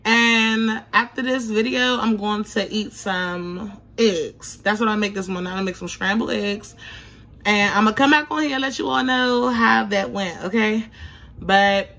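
A young woman talking excitedly in a casual vlog from her home kitchen, chatty and constantly addressing viewers as "y'all". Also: mid-range voice. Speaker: vlogger.

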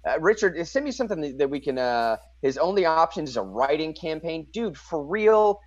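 A man co-hosting an online political talk show, casually excitable and slangy, reading news and listener messages aloud. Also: fairly high pitch, normal speed, no room sound, highs cut off. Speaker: podcast co-host.

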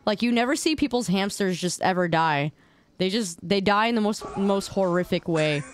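A young woman streamer reacting to memes in casual commentary, incredulous and teasing, jumping to high exclamations. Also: animated, moderate pace, noisy background. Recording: stream with loud background music. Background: music under the voice.

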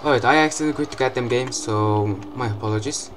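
A young man giving excitable gameplay commentary, swearing often and breaking into loud outbursts and laughs. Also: mid-range voice, quick pace, background noise.

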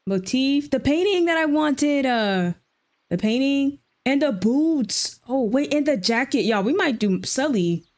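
This woman live streamer has a high voice and an unhurried pace as she plays, chatting casually and excitedly with viewers and using lots of slang.

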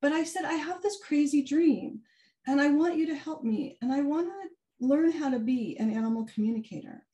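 A woman giving a keynote talk, telling a personal story in an animated way and acting out the quoted dialogue. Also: high-pitched, normal speed. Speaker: keynote speaker. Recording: far from the mic, some echo.

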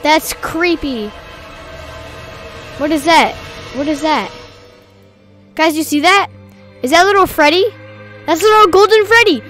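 High-voiced excitable young woman gamer. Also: slow, pauses often, soft background music. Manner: excitable, easily scared, shrieks and whispers. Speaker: gaming video creator. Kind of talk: let's play commentary.

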